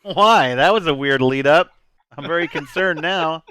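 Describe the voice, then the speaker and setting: A man's voice: a little high, unhurried, bright, forceful tone, clear, resonant tone, dry recording. A man hosting a casual game stream, playful and rambling, laughing often between his words. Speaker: streamer host.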